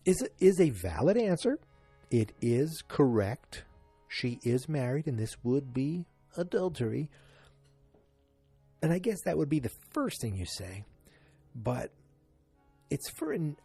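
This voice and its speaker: A man's voice: medium pitch, very animated, gravelly, dark tone, husky, soft background music. A man hosting a podcast, chatting through an episode recap and briefly acting out characters' lines. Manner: chatty, acts out characters' lines in quick voices. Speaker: podcast host.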